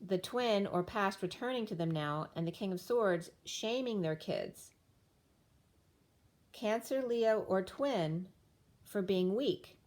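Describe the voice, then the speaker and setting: A woman giving a tarot reading, listing card meanings in loose fragments while losing her voice. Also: lowish voice. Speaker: tarot reader.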